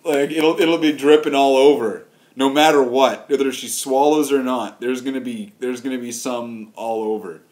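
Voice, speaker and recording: A man's voice: mid-range voice, steady tone, normal speed, hardly any pauses, darkish tone. Rambling man riffing crude jokes. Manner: meandering, restarts often, riffs on silly wordplay. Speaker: vlogger.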